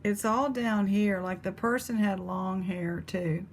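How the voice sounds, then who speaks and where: Woman, unhurried, casual jewelry vlog chat, faint room noise. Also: mid-range voice. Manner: chatty, talks to her pet and viewers while sorting jewelry. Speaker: jewelry reseller host.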